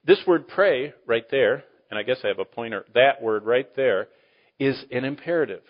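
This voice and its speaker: Animated male Bible teacher. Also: fairly high pitch, normal speed. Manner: animated, asks the audience questions, swings between loud emphasis and quiet asides. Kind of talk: sermon-style Bible teaching. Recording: dull lo-fi recording.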